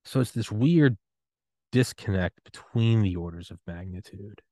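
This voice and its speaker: A young man hosting a podcast, giving a rambling, excitable solo rant full of swearing and trailing restarts. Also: fairly low pitch, a little slow, no echo, studio quality. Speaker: podcast host.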